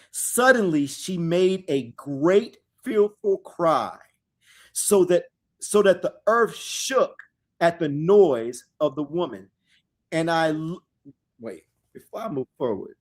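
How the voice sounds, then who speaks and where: Animated man reading scripture slowly. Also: sits high. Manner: reads verses in a raised, dramatic voice, then drops to slangy asides. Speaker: Bible study teacher. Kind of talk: reading scripture aloud with casual commentary. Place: live online stream.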